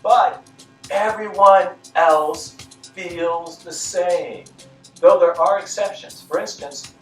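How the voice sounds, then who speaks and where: A film reviewer with a high-pitched voice narrates a movie review slowly, sounding dry, critical, and mildly exasperated. He was recorded in an echoey room with the mic at a distance and faint music in the background.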